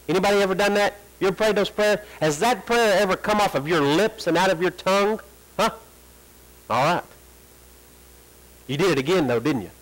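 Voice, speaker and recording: High-voiced preaching man. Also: rough recording. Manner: preaching with rising emphasis, drawn-out quoted prayers. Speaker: pastor. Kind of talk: sermon. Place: church sanctuary.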